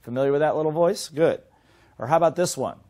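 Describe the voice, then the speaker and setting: A middle-aged man teaching a sales seminar in a lively way, often asking his listeners questions. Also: fairly high pitch, quick pace. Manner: lively, asks the audience questions. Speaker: sales trainer.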